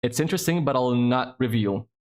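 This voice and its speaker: Male host, casual stream chat, swears easily, average pitch. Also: a little fast. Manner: chatty, swears freely, thinks aloud. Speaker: streamer hosting a trivia game.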